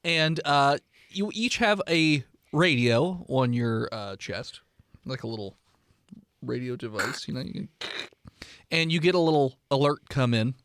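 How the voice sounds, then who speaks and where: Male game master, chatty narration, lively pitch, dry close mic. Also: measured pace, no echo. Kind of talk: improvised comedy role-play.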